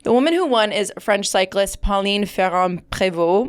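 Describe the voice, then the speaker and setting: A young woman co-hosting a sports podcast, playful and quick to laugh at herself. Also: mid-range voice, lively intonation, clear, resonant tone. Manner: playful, giggly, self-deprecating. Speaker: podcast co-host. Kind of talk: casual sports chat.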